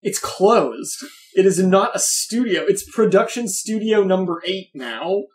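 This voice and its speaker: A man's voice: high-pitched, expressive, measured pace. A man co-hosting a gaming podcast in casual chat, with wry, sarcastic asides. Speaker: podcast co-host.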